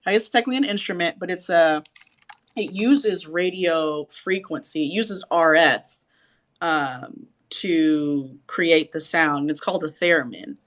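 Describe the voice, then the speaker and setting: A woman co-hosting a podcast in casual chat, animated and cursing, acting out her own reactions. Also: low-pitched, unhurried. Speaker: podcast co-host.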